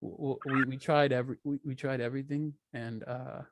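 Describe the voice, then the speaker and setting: A man doing an impression of an awkward male tech tycoon who stutters and rises into a high squeak. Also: level tone, brisk, noisy background, natural voice.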